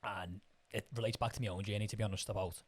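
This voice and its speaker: A man's voice: on the low side, steady tone, very fast. A man hosting a podcast interview, reflective and encouraging in how he talks. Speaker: podcast host. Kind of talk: interview conversation.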